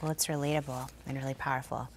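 Low, gravelly woman interviewer. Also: level tone, quick pace. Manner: enthusiastic, reads quotes aloud, affirming murmurs. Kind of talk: interview questions. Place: live event stage.

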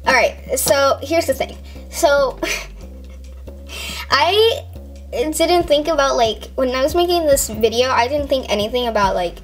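Young female vlogger, teens, slightly high voice, rambling and giggly, faint music behind. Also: a little slow. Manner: giggly, rambling, lots of ums and likes. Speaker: YouTuber. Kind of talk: casual reaction vlog.

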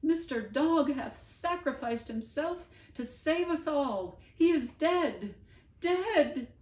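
A woman's voice: high-pitched, expressive, slow pace, a little mellow, pitched above the performer's own voice. A woman voicing a tearful, melodramatic man who speaks in old-fashioned English and wails his lines. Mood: grief-stricken. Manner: wailing, archaic phrasing. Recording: roomy, distant mic.

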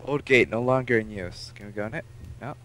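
A young man playing a game with a friend in casual chat, excitable and prone to sudden yells. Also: medium pitch, brisk. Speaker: co-player. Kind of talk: casual let's-play chat.

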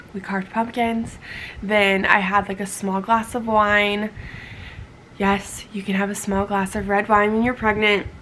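A woman's voice: medium pitch, a bit bright. A woman in her twenties chatting casually and upbeat to her vlog camera from her bedroom at home. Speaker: vlogger. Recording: noisy background.

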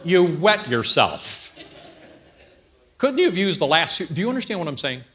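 A male pastor preaches a humorous sermon at a church service, acting out scenes and cracking jokes as an animated storyteller. His voice is on the high side, at a moderate pace.

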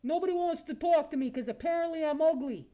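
A man's voice: very high voice, quick pace, dark tone. A man voicing a crude, lonely, self-admiring male creature with razor teeth, taunting strangers in an improvised comedy video chat. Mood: mocking.

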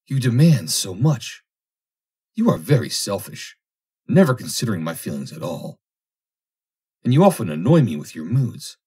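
A man's voice: lowish voice, mellow, breathy edge, heavily acted. A man reading aloud, voicing a proud young woman who coolly rejects a suitor. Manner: cool, formal and reproachful.

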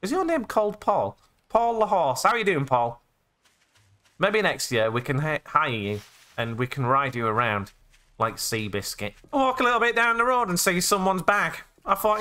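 An English man narrating a survival game as a jokey role-play, describing what he does as he goes. His voice is bright and a little high, swinging up and down with lively energy. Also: moderate pace. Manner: playful, jokey, narrates his own actions in past tense. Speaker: gaming channel host.

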